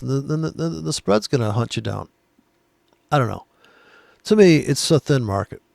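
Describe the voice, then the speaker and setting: A man's voice: mid-range voice, big pitch swings, moderate pace, vocal fry, a little mellow, no echo, studio quality. A man giving casual chart commentary, blunt and profane, rambling with sarcastic asides. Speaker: trading educator.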